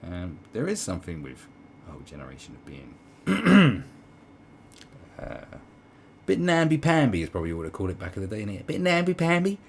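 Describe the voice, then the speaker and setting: A man's voice: low voice, big pitch swings, fast, slight background noise. A middle-aged man with a British accent giving a sarcastic, rambling video commentary, swearing and restarting often. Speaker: commentary vlogger.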